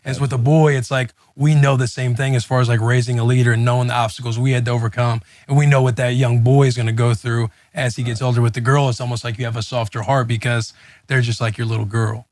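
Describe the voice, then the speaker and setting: Man, podcast host, casual, reflective, rambling, mid-pitched voice, dry studio mic. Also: little pitch movement, fast talker, a little mellow, dry recording. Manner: thinking aloud, rambling and reflective. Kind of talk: casual conversational chat.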